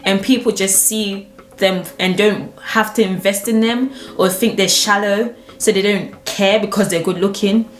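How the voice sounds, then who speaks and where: A woman's voice: mid-range voice, steady tone, unhurried. A young adult woman hosting her own channel, chatting casually to camera and telling stories expressively, laughing easily. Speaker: channel host. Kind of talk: casual vlog chat to camera. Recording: roomy echo with faint background music.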